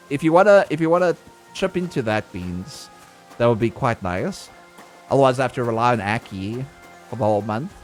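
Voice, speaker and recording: A man streaming a video game, chatting casually and playfully, using baby talk for animals and breaking into sudden high outbursts. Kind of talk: casual live-stream gameplay commentary.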